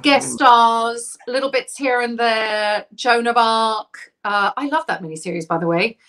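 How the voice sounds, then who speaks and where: A woman hosting an interview over a phone video call, chatty and quick to laugh. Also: on the high side, fairly bright tone, a little hiss or hum. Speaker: host. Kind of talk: casual interview chat.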